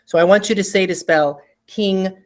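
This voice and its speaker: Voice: mid-range voice, moderate pace. An adult spelling teacher giving a recorded video lesson, patiently repeating each word twice and checking in with students.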